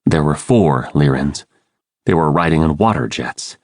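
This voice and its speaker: A man's voice: very deep voice, expressive, unhurried, a little mellow, dry recording, studio quality. A man narrating an audiobook in first person, reading with dramatic expression. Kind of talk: scripted narration.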